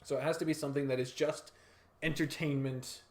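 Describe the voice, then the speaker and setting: A man's voice: fairly high pitch, fairly even intonation, a little fast. A young man co-hosting a podcast, chatting casually, joking around and swearing freely. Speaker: podcast co-host. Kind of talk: casual chat.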